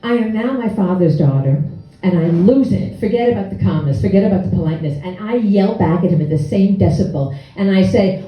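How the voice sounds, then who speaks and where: A woman in her sixties telling a personal story on stage, wry and animated, acting out her own past lines. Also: mid-range voice, a little fast. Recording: echoey hall, distant dull mic.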